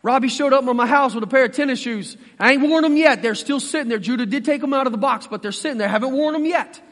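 Animated preacher man, very high voice. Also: fast talker, big-room sound. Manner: animated, folksy, acts out quoted voices. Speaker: pastor. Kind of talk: sermon.

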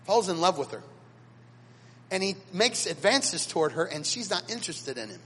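A man, a pastor, preaching a sermon and telling stories dramatically, with sudden swings between quiet and loud. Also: sits high, very animated, normal speed, breathy edge, long reverb tail. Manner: dramatic storytelling with big swings in loudness. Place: church sanctuary.

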